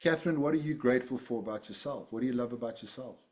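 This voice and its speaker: A man with a medium-pitched voice talks fast as he facilitates a casual group session over a video call. He rambles, puts himself down, and often repeats his words.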